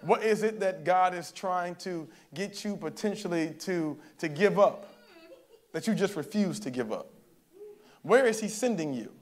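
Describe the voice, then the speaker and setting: Guy preaching at church, fairly high voice, chatty sermon, keeps asking the crowd "all right?". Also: animated, a little slow. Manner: conversational preaching, keeps checking in with the congregation. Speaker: pastor. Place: church service.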